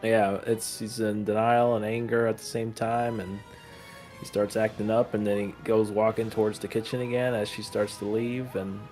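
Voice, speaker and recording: A man co-hosting a podcast in casual chat, relaxed and halting as he recaps the plot. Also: fairly low pitch, faint music behind. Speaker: podcast co-host.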